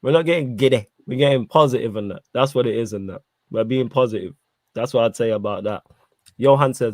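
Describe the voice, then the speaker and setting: A man hosting a casual football podcast, talking in animated slang while eating. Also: medium pitch, a little fast, no room sound. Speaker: podcast host.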